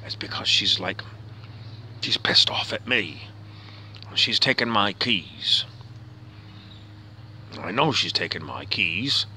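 A man's voice: low-pitched, animated, slow, pauses often, bright, forceful tone, a little hiss or hum, full character voice. A man playing a rambling, grumpy middle-aged outback husband, talking himself through his gripes and sometimes muttering. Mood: musing. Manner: rambling, self-questioning, drops to a muttering whisper. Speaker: comedian. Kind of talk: comic character monologue.

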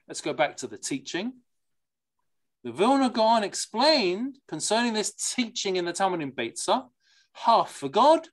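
A teacher leading a study class in an informal lecture. The teacher reads passages aloud, explains them with quick asides, drops in Yiddish and Hebrew terms, and keeps asking the class questions. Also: mid-range voice. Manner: lively and digressive, asks the class questions.

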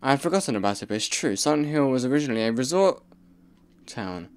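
A man giving casual gameplay commentary, reacting out loud and muttering to himself as he plays. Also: medium pitch, lively intonation, fast, clear, resonant tone. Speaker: let's play gamer.

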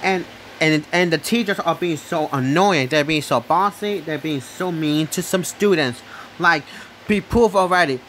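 A man vlogging an angry, repetitive rant, with bursts of yelling. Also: on the high side, unhurried, slight background noise.

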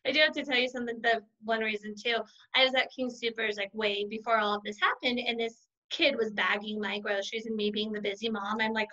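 A woman kindergarten teacher with a bright, forceful voice that sits a little high, telling stories in an interview and acting out what others said. She is middle-aged and talks in an animated, warm way. The sound is dull and lo-fi. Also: a little fast. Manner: warm, animated storyteller who acts out quotes. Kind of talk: casual interview answers.

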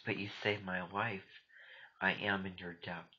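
A man reading the part of a weak, gentle, grieving traveler, speaking softly and wearily on a dull lo-fi recording. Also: low-pitched, level tone, unhurried, slightly rough, heavily acted. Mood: weary. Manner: soft, weary and gentle. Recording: dull lo-fi recording, faint noise.

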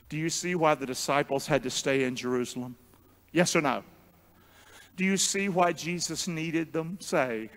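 A man preaching a sermon as pastor, drawing the congregation into call-and-response and swinging from booming shouts to quiet asides. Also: normal speed, in a large hall. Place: church sanctuary.

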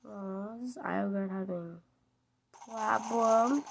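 A woman's voice: on the high side, fairly even intonation, slow pace, creaky, long pauses, background noise. A woman giving casual, giggly and teasing commentary while she plays a game. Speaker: gamer. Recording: background music under the voice. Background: music.

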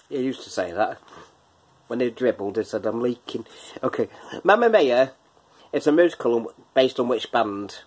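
A man's voice: medium pitch, very animated, normal speed, long pauses, a little mellow. A man hosting a casual quiz from his kitchen, chatty, laughing often and breaking into bits of song. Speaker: quiz host. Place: home kitchen.

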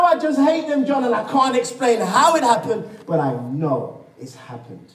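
A man's voice: very high-pitched, very animated, normal speed, fairly bright tone. A man preaching a sermon, telling his testimony as a story, acting out the dialogue and calling out for amens. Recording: echoey room, mic far off.

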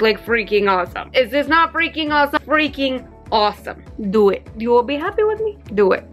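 A woman vlogger in her thirties with a somewhat high voice talks straight to camera in a casual, gushing way. She is openly emotional and playful, quick to tease her viewers. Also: fairly bright tone. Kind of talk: casual sponsored talk to camera.

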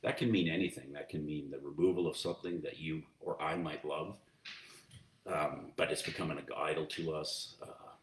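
A man's voice: very deep voice, fairly even intonation, normal speed. A man preaching as pastor, teaching in a conversational way with many fillers and restarts. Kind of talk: sermon. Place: church. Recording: roomy echo, distant mic, faint noise.

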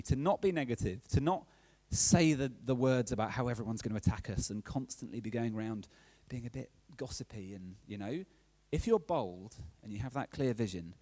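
A man's voice: mid-range voice, warm tone, no echo. A man preaching a chatty, playful sermon and keeping in touch with his congregation. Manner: chatty and playful, keeps checking in with the audience.

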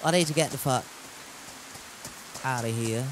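A man's voice: mid-range voice, unhurried, a little hiss or hum, poor audio. A man streaming a survival game, chatting and joking, swearing freely and reading the chat aloud. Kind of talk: casual gameplay commentary.

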